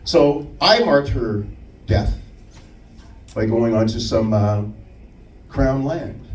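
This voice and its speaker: A male stand-up comedian works the room with a lively, swooping delivery. His voice sounds roomy and a little distant, picked up from across the club, with faint room noise behind. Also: mid-range voice, slow. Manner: animated storytelling with put-on voices.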